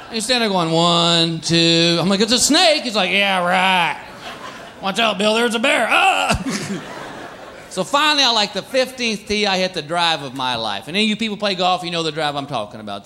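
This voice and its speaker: A man's voice: sits high, slight background noise. A man performing a stand-up comedy routine, telling stories and acting out the people in them. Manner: animated storytelling, acts out characters, frequent laughter from crowd.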